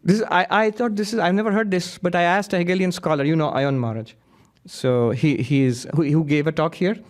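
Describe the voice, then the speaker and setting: A man who is a monk, giving a lively spiritual lecture full of anecdotes and frequent laughter. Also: a little high, fairly quick. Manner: animated storyteller who laughs often.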